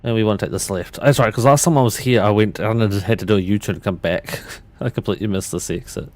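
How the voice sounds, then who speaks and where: A man with a fairly low voice, casually narrating a flight simulator session on a livestream. He talks himself through each switch and check while answering viewers in a loose, rambling way, restarting his sentences often. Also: quick pace, darkish tone.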